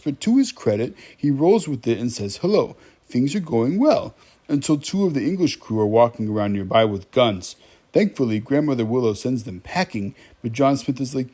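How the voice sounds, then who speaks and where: A man's voice: mid-range voice, expressive, moderate pace, mellow. A man giving a casual, wry movie recap, chatting directly to his viewers.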